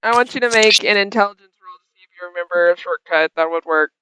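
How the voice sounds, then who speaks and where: A woman narrating a tabletop game as game master, voicing characters with sudden high-pitched outbursts. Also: quick pace, sharp tone, clean tone, no room sound, rough recording.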